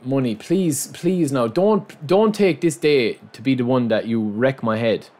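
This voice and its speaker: A young man giving running commentary over his own football video game, muttering to himself and breaking into loud outbursts of frustration. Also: mid-range voice, expressive, a little slow. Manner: frustrated, muttering self-talk that bursts into loud outcries at the game. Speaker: gaming channel host.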